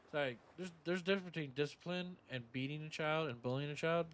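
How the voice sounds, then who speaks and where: A male gaming streamer giving blunt play-along commentary and reacting loudly to the game. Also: fairly high pitch, fast talker, slight background noise.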